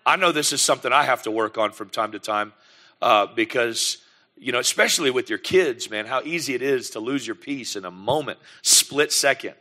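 A middle-aged man, a pastor telling lively family stories in a sermon and acting out the scenes. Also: mid-range voice, normal speed. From United States. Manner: animated, lively storyteller who acts out scenes. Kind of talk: sermon storytelling.

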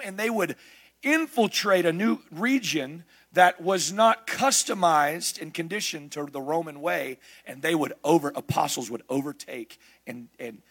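Guy preaching a sermon, bit breathy and raspy, higher voice, gets loud and punchy. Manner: emphatic, building to shouted lists.

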